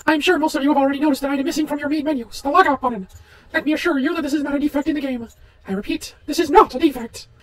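Guy doing a high, fast, formal villain announcer voice for a cold game creator, sounds far from the mic. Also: fairly even intonation, a bit bright. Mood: commanding.

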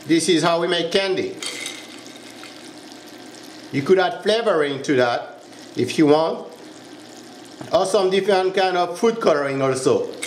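A man's voice: high-pitched, lively intonation, a little slow, pauses often, reverberant, slight background noise. A man with a French accent, a pastry chef giving a step-by-step cooking demonstration in a kitchen. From France. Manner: instructive, step-by-step, checks in with "huh?".

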